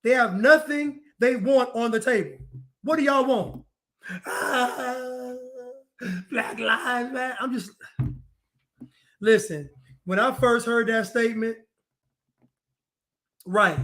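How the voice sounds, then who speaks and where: A man's voice: very high voice, takes it slowly, long pauses, fairly bright tone. A man speaks. He delivers a preachy, mocking monologue. He hammers points home by repeating phrases and mimicking other people. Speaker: commentator. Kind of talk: monologue commentary.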